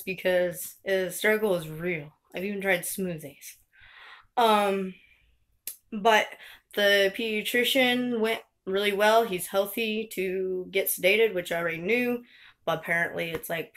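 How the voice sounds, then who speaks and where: A woman's voice: mid-range voice, fairly bright tone. Woman vlogger at home, casual rambling chat to camera, mid-range voice, laughs lightly. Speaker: vlogger and mother.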